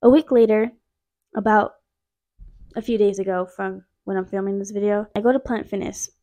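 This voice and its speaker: A woman's voice: mid-range voice, steady tone, normal speed, warm tone. A young woman hosting a podcast, telling a personal faith testimony in a casual, chatty way, with many fillers and asides to her listeners. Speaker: podcast host.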